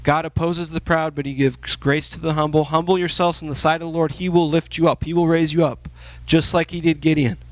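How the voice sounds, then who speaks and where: Casting: man in his thirties, youth pastor, lively conversational sermon, a little high-voiced. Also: fairly quick, no room sound. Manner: conversational, animated, acts out quotes.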